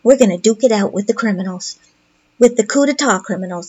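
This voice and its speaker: A woman's voice: medium pitch, a little fast, a little mellow, breathy edge, highs cut off. A woman commentator reading posts aloud and commenting on them in a sarcastic, mocking way.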